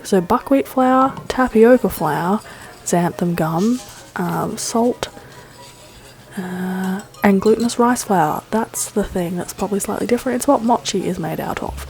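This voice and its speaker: A woman's voice: medium pitch, measured pace, darkish tone. A woman hosting a vlog, first narrating a film essay, then chatting enthusiastically through a recipe with fillers and laughs. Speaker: vlog host.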